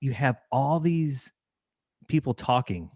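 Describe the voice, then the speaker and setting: A man's voice: mid-range voice, animated, takes it slowly, darkish tone, dry recording, studio quality. A man hosting a podcast interview, enthusiastic and prone to stumbling over and repeating words. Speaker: podcast host.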